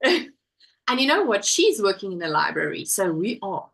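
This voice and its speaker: A woman's voice: mid-range voice, very animated, measured pace, gravelly, fairly bright tone, poor audio. A woman hosting a casual crafting live stream from home, chatting and reading viewer comments aloud. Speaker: livestream host.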